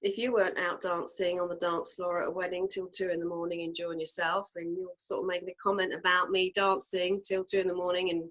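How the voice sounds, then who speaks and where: A woman co-hosting a casual reflective chat, talking earnestly with many fillers and pauses. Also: lowish voice, level tone, fairly bright tone, rough recording. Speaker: co-host.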